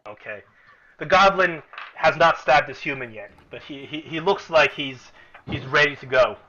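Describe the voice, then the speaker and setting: A man runs a tabletop game in a bright, fairly high voice, talking casually and restarting his sentences. The recording sounds dull and lo-fi. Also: moderate pace, slight background noise. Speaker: game master.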